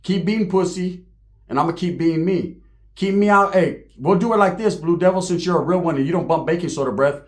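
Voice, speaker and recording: Fired-up man ranting with a higher pitch. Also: brisk. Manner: profane, slangy street talk, confrontational. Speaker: online show host. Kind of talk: heated direct-to-camera rant.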